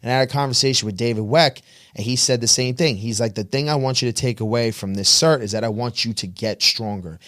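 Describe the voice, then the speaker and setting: A man's voice: mid-range voice, fast talker, a bit bright. A man with a New York accent, a gym owner and coach talking casually in an interview, blunt and swearing, acting out his clients.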